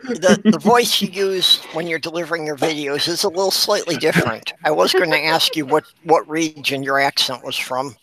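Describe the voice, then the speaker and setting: A person with a bright, sharp voice who asks careful, curious questions. They speak in a measured, slightly hesitant way during a casual group video call. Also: medium pitch, poor audio. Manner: careful, inquisitive.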